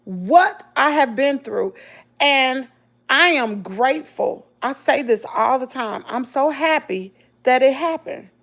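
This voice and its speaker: This vlogger, a middle-aged woman with a Southern accent, has a high-pitched voice and speaks slowly. Addressing her viewers as "y'all," she recounts hard times in a casual, emotional, animated way.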